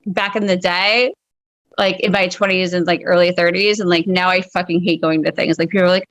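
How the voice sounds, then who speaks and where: A woman's voice: lowish voice, fairly even intonation, brisk, a bit bright, no room sound, muffled recording. A woman in her thirties doing a blunt, exasperated stand-up rant over a video call, swearing constantly and padding every line with fillers. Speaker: stand-up comedian. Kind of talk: profane ranting stand-up bit.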